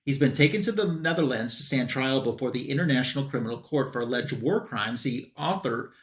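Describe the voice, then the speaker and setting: A man on a comic book show giving a casual plot recap and quoting characters in quick bursts. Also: medium pitch, expressive, reverberant. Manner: retells scenes with quick quoted voices for characters.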